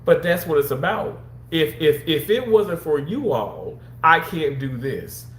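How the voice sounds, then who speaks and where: A man's voice: on the high side, very animated, measured pace, roomy sound. Rambling man chatting on a livestream. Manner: rambling, repetitive, talks straight to viewers. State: slightly under the weather. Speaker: livestream host. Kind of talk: casual livestream chat.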